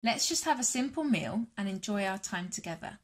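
A woman voicing Jesus as a calm, kindly grown man in a storybook reading. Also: mid-range voice, fairly quick, natural voice. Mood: gentle.

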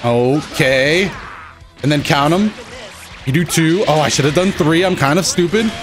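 A young man giving excitable, joking commentary over his own fighting-game matches, yelling at big moments. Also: fairly high pitch, measured pace. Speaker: gaming channel host. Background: game music.

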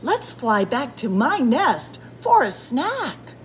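A woman's voice: high-pitched, sing-song, slow pace, slight background noise, voice pushed up, heavily acted. Grumpy Bird, read by a woman. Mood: cheerful. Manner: curt, snapping replies. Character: grumpy male bird, sulky and snappish.

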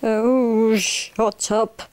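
A woman voicing a smug male cannibal mastermind in an amateur role-play monologue, slipping into soft whispers. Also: fairly high pitch, flat delivery, no room sound. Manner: slow, drifting into soft whispers.

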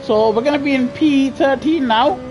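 A man with a British accent giving chatty, excitable live commentary on a racing game over a headset mic, laughing often and grumbling in mock outrage. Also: very high-pitched, moderate pace, music in the background. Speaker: gaming streamer. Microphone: gaming headset.

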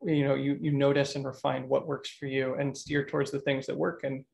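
Flat, gravelly-voiced male podcast host. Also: mid-range voice, fairly quick. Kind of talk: casual podcast conversation.

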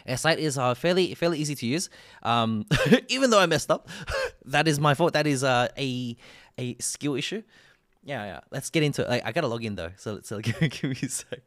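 A man's voice: mid-range voice, lively intonation, a little fast, fairly bright tone, no echo, clean studio sound. An Australian man live streaming, chatting casually and rambling through a sponsored ad with frequent laughs and self-corrections.

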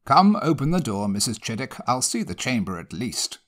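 A man's voice: medium pitch, sing-song, moderate pace, a bit bright. A man voicing an impatient, commanding country squire who speaks brusquely.

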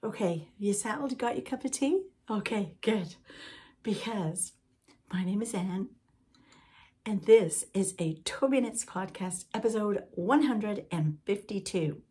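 A woman's voice: mid-range voice, lively intonation, a little slow, warm tone, slightly rough. An older woman from Britain hosting a podcast in a casual, rambling chat with asides to the listener. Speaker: podcast host.

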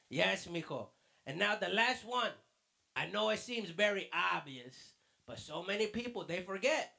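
Fatherly man teaching and quizzing kids, high bright voice with gravel. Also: expressive, moderate pace. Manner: fatherly, calls the listener mijo. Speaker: children's church teacher. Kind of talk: children's lesson and quiz. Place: church.

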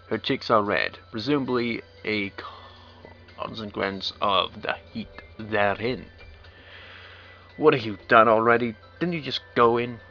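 Male let's player, lowish sharp voice, dry sarcastic asides while reading game text. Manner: wry, sarcastic asides between read lines. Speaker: let's play commentator. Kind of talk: reading game text aloud with joking commentary. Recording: dull lo-fi recording with faint game music.

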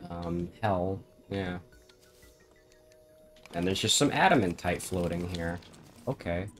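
A man with a very deep voice talking through a game session with a friend. He keeps it relaxed, cracking jokes and laughing along as he plays. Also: slow pace, soft background music. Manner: laid-back, joking, laughs often. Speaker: gamer. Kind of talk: casual gaming chat.

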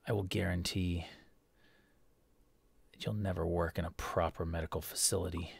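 A man's voice: deep voice, little pitch movement, moderate pace, gravelly, breathy edge, no room sound, voice pushed down, full character voice. A man whispering as a scornful wounded governor. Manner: hushed, contemptuous whisper.

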